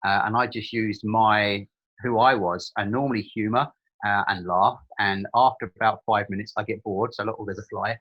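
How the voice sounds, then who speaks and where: Irish man, middle-aged, low voice, quick chatty guest, lo-fi interview audio. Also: steady tone. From Limerick, Ireland. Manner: chatty storyteller with frequent restarts and humour. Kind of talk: casual interview chat.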